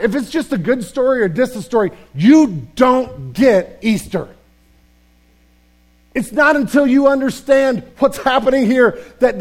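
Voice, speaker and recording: High-voiced impassioned preaching man. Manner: impassioned, drops to a hushed voice for tender passages. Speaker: pastor. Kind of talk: sermon.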